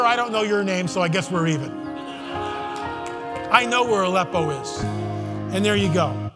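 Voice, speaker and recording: Man, fervent conference speaker, emphatic, high voice, long hall reverb. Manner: fervent, emphatic, with many asides and restarts. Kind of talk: impassioned stage talk.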